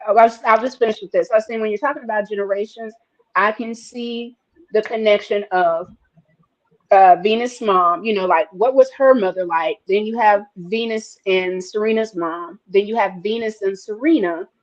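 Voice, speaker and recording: A woman co-hosting a casual talk show, telling stories in an animated, expressive way. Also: mid-range voice, moderate pace. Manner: animated, expressive storytelling, rising with excitement. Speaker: podcast co-host. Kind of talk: casual chat. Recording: slightly dull, muffled sound.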